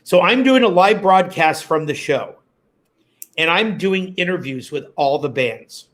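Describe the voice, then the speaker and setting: A man's voice: high voice, measured pace. A man, a former radio host and guest, telling stories in a casual interview, acting out quotes as he goes. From Canada. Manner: animated storyteller, acts out quotes.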